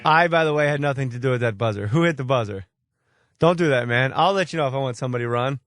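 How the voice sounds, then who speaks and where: A man's voice: mid-range voice, quick pace, fairly bright tone. A man hosting sports talk radio, firing back sarcastic, combative comebacks at a caller. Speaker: radio host.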